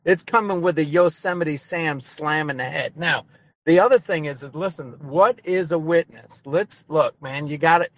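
A man's voice: a little high, normal speed. A man who is a pastor, preaching with emphatic repetition and sudden rising bursts during a group discussion on a video call.

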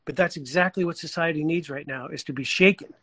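A male coach joins as a guest in a casual chat. His fairly high voice sounds dry and close, and he speaks earnestly, often echoing agreement. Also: fast talker, a bit bright.

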